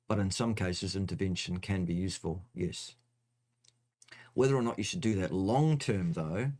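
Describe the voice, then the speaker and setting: A man's voice: deep voice, a little mellow. A man hosting a casual question-and-answer stream, teasing and dry-humoured while answering questions. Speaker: host answering viewer questions. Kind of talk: casual livestream chat.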